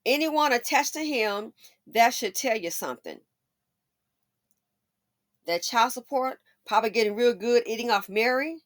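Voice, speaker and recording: In studio-quality audio with no room sound, a woman hosts a commentary channel, delivering sassy, emphatic, opinionated takes on celebrities. Her voice is on the high side and a little slow, with frequent pauses and mocking asides.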